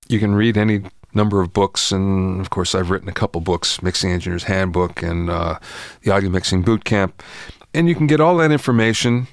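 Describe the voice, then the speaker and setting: A man hosting a podcast, casually talking through a product in a relaxed, enthusiastic, conversational way. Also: lowish voice, no room sound, studio quality. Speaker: podcast host. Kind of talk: casual spoken product review.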